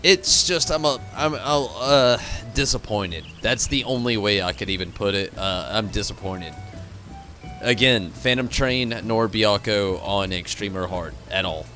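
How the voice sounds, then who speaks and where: A man's voice: fairly low pitch, unhurried, bright, forceful tone, faint music behind. A tired, frustrated man signing off his stream, rambling and swearing as he thanks his chat. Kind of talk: casual stream sign-off to chat.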